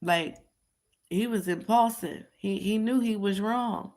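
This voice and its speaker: A female tarot reader offers casual commentary on a reading, speaking emphatically and repetitively and chuckling at her own remarks. Her voice is mid-range, slow, and a little mellow.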